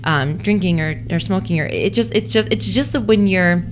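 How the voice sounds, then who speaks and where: Chatty young woman with a low voice. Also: normal speed, noisy background. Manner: chatty, many fillers and restarts, acts out inner voices. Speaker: guest. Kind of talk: casual conversational interview.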